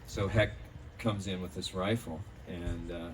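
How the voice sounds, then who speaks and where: Male eulogist, slightly low voice, chatty and rambling, picked up from a distance outdoors. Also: steady tone, a little slow. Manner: rambling, anecdotal, many fillers. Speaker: speaker at a memorial. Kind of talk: storytelling memorial tribute. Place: outdoors in a park. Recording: distant mic outdoors, faint background noise.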